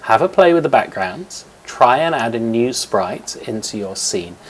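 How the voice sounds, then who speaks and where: A man's voice: mid-range voice, expressive, a little slow, a little hiss or hum. A man teaching young children a coding lesson over a screen recording, explaining step by step in a patient way, with fillers, into a computer microphone.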